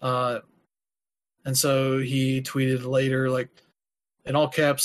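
A man talks loosely on a podcast, filling pauses with plenty of "uh" and "you know." His voice sits at an ordinary middle pitch. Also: completely flat delivery. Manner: rambling, many filler words. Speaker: podcast host. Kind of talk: casual chat.

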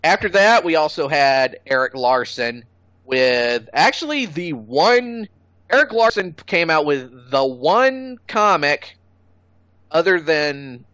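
A man's voice: fairly high pitch, sing-song, slow, sharp tone, no room sound. A man chatting casually on a podcast, blunt and opinionated, swearing freely and laughing at his own jokes. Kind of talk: casual chat. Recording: dull lo-fi sound.

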